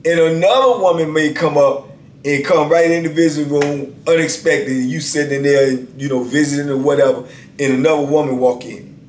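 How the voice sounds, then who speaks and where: His voice is a little high and darkish, delivered briskly with fairly even intonation. The man, in his fifties, casually spins stories as a channel host, relaxed and dropping "man" and "you know what I'm saying" often; the room echoes and a faint hiss sits underneath.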